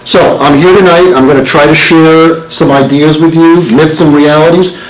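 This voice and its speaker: A man's voice: a little high, fairly even intonation, moderate pace. A man in his sixties, a lawyer giving a live talk, joking and quizzing the audience. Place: meeting hall with an audience. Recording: roomy hall with faint noise.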